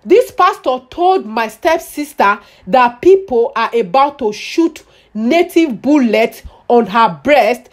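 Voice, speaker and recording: A young woman tells a personal story to her vlog audience. Her voice sits high and swings widely in pitch. She repeats words and phrases over and over for dramatic emphasis. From Nigeria. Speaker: vlogger.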